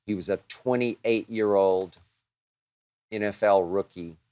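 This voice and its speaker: Slow, low-voiced emphatic male host. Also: dark tone, dry recording. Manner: dramatic, piles up emphatic words. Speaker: show host answering listener questions. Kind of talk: emphatic monologue answering mailbag questions.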